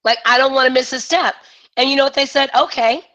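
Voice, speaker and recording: A woman business coach leading a live online coaching session, talking with emphasis and excitement. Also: sits high, brisk, low-quality recording.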